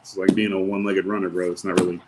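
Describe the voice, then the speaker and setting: A man with a fairly low voice is a guest on a podcast, telling a story from his bodyguard days. He takes it slowly and casually, with a wry, deadpan humor, and acts out the lines of the people in the story. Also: over a noisy crowd, poor audio. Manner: laid-back, wry storyteller who acts out quotes. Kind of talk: storytelling anecdote in casual chat.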